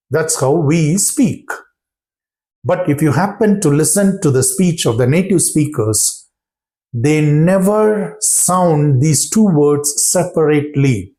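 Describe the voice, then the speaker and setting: Slow, mellow-voiced teacher, man. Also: a little high, lively intonation. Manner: repeats phrases and checks understanding with "got it?". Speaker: English pronunciation teacher. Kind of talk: slow, deliberate classroom explanation.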